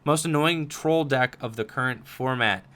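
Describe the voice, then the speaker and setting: A man's voice: medium pitch, moderate pace, fairly bright tone. A young man hosting a livestream Q&A, reading viewer questions aloud and answering casually with lots of fillers. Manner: chatty, reads chat questions aloud, many fillers.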